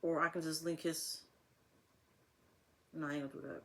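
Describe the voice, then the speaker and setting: A woman's voice: low-pitched, flat delivery, moderate pace, a bit bright. A young woman talking casually to camera as a vlogger, rambling and laughing often.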